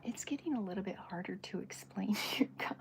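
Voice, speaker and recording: A woman chatting in a soft-spoken, whispery way during an ASMR drawing livestream, rambling and correcting herself as she goes. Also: medium pitch, expressive, brisk, creaky. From American South. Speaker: cartoonist streaming live.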